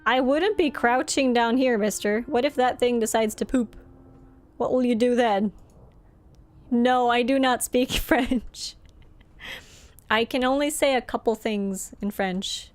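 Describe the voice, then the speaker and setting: A woman's voice: on the high side, unhurried. A woman from Norway, chatting casually and giggling often while live-streaming a game.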